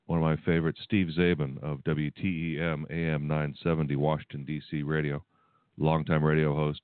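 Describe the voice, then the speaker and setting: A man's voice: very deep voice, no echo, phone-quality sound. A man hosting a sports podcast, making wry, dry remarks between clips. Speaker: guest podcast host. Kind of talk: casual podcast talk.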